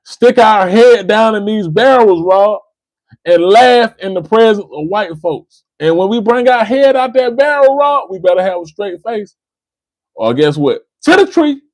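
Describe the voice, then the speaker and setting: Livestream host, American man, high-pitched and insistent, dry close sound. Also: expressive, measured pace, a little mellow, dry recording, low-quality recording. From United States. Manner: emphatic, repeats phrases, addresses a listener by name. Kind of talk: impassioned livestream commentary.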